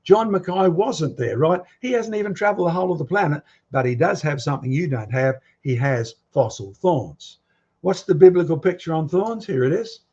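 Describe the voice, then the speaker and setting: A man's voice: a little high, lively intonation, a little fast, darkish tone. Emphatic man lecturing, dull lo-fi sound. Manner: emphatic, quizzing the audience with provocative questions. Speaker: guest lecturer. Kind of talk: lecture with slides to a live audience.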